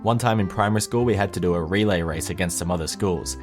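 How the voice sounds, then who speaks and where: A man's voice: low voice, quick pace, over music, close to an everyday voice. A man reading out a text message in the voice of a bubbly, oversharing young woman who rambles on breathlessly. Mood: chirpy. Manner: gushing, rambling, breathless chatter.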